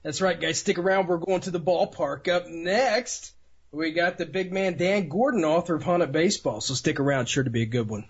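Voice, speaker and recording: A man's voice: on the high side, moderate pace, slightly rough. A man co-hosting a radio show, joking and teasing the guest in casual banter. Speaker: radio co-host. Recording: dull lo-fi radio sound.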